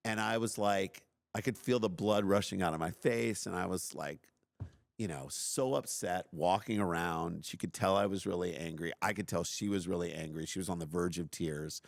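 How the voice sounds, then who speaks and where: Middle-aged man, very low voice, dry close mic, animated self-mocking storyteller. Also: moderate pace, gravelly, no echo. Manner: animated, self-deprecating, acts out his own outbursts. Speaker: podcast host telling a story. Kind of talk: casual storytelling.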